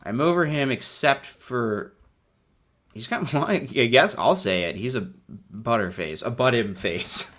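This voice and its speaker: Animated, laughing male commentator. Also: medium pitch, measured pace. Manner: animated, irreverent, laughs often. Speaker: host. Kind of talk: casual comedic commentary.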